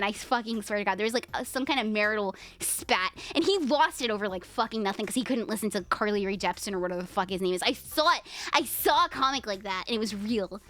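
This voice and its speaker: A young woman hosting a livestream, reading aloud and chatting with her viewers, animated and profane. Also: a little high. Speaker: livestream host. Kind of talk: reading and chatting with live chat.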